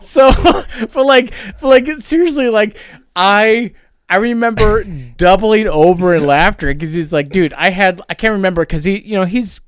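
A man's voice: high voice, measured pace, clean tone, no room sound, studio quality. A man co-hosting a podcast in casual chat, rambling, laughing often and swearing freely. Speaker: podcast co-host.

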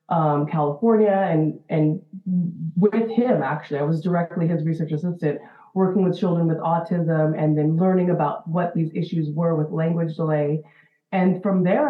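A woman in her forties, a special-needs educator, explaining earnestly in an interview with frequent fillers. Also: fairly low pitch. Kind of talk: interview answers. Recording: tinny phone-like line in an echoey room.

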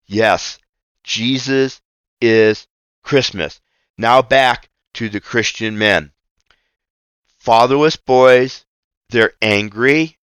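A man's voice: mid-range voice, fairly bright tone, clear, resonant tone, no echo. A man hosting a Christian radio talk show, preaching in an emphatic way and repeating key phrases. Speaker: radio ministry host.

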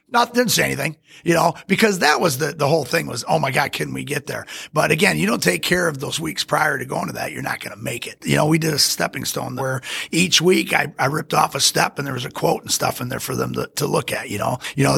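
Gravelly excitable former coach, man. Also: medium pitch. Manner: rambling, excitable, many restarts. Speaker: former high school football coach. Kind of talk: casual podcast chat.

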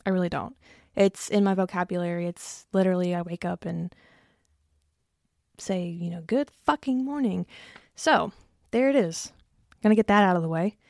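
Recording solo in her home basement, this young podcast host has a lowish, slightly mellow voice, talks at a normal speed and pauses often. Her chat is loose and self-deprecating, full of swearing and breathlessness, captured in studio quality with no room sound.

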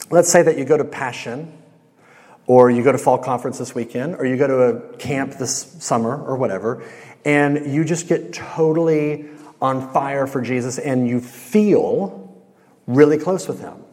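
A man in his thirties giving a relaxed, conversational sermon as a campus minister. He keeps asking the audience questions and uses lots of casual fillers. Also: medium pitch, unhurried. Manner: conversational, with lots of "like" and "you know". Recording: long hall reverb.

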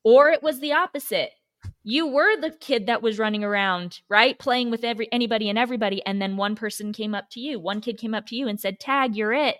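A woman's voice: a little high, fast, fairly bright tone. Woman cohost talking earnest and motivational, casual chat. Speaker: podcast co-host.

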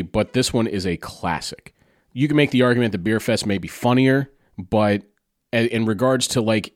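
A man's voice: on the low side, no room sound, studio quality. A man co-hosting a podcast, giving opinionated casual talk about comedy films with fillers. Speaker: podcast co-host. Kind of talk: casual movie discussion.

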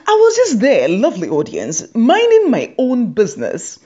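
Lively, teasing woman comic. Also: medium pitch, unhurried, hardly any pauses. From Africa. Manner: animated, teasing, laughs often. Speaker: comedy host. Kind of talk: satirical comic monologue. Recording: dull lo-fi recording.

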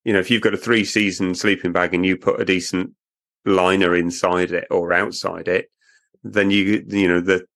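A man's voice: low voice, little pitch movement, normal speed, a bit bright, dry recording, clean studio sound. A man, co-hosting a podcast and telling rambling, jokey stories over a remote call. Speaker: podcast co-host. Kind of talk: casual chat.

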